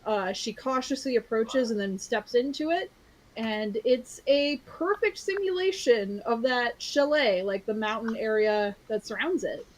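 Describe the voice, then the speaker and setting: A woman's voice: on the high side, expressive, a little slow. A woman casually recapping a cartoon episode, rambling with lots of fillers, correcting herself and giggling along the way.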